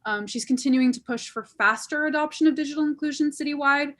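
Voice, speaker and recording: A woman speaking for a council office gives an earnest, grateful update over a video call. Her voice sits fairly high. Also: fast, a bit bright. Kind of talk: meeting report.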